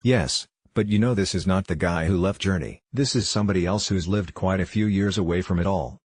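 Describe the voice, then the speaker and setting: Low husky man, reflective. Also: fairly quick, darkish tone, no echo, clean studio sound. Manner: reflective, heartfelt storytelling. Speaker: interviewee. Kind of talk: candid interview answers.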